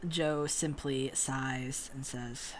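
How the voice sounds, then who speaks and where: A woman's voice: a bass voice, fairly even intonation, drawn-out words, a little hiss or hum. A woman narrating a tabletop game as game master, casual and swearing freely.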